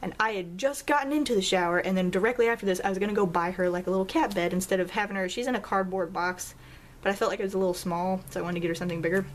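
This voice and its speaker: A young adult woman vlogging casually, telling a story with laughs and acting out quotes in a high voice. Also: racing, slight background noise.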